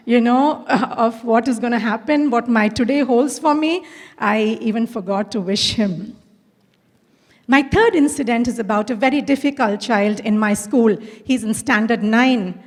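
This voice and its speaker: A woman's voice: on the high side, measured pace. A middle-aged woman from India, a school principal, telling personal stories at a conference talk and acting out the dialogue. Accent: Indian English. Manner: storytelling, acts out quoted dialogue. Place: large conference hall. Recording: long hall reverb.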